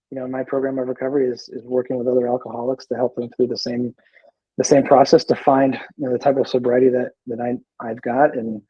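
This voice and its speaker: A man who is a veteran in recovery, a guest in a casual interview, talking in a halting, easygoing way with many repeated words. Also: mid-range voice, breathy edge, dry recording, muffled recording.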